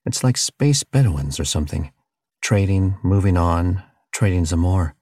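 A man's voice: low voice, animated, unhurried, mellow, dry recording, clean studio sound. A man reading an audiobook, voicing a sarcastic stranded human captive with wry asides.

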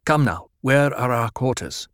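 A man voicing an earnest, careful young male leader who speaks with quiet command, in a dry recording. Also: mid-range voice, animated, measured pace, no room sound.

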